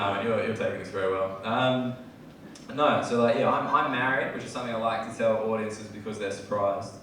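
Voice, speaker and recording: A young Australian man doing a stand-up set in a comedy club, brash and sweary, going from shouted bits to low, mumbled asides. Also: brisk, far from the mic. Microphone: handheld stage mic. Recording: echoey club, heard from afar, loud audience noise.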